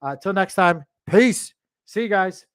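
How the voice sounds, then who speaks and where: A man's voice: high voice, lively intonation, a little slow, clean tone, dry recording, studio quality. A man hosting a casual crypto market video, thinking aloud and rambling with lots of fillers. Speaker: crypto channel host. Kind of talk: casual market commentary to viewers. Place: home.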